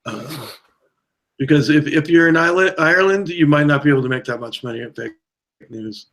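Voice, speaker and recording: A man answering questions at a mock press conference, deadpan and halting with many fillers. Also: on the high side. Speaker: provost of a mock college.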